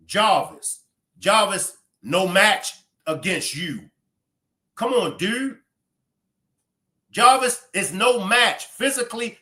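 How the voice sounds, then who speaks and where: A man's voice: high voice, bright, forceful tone. A man hosting a commentary livestream, blunt and profane, scolding in heated outbursts.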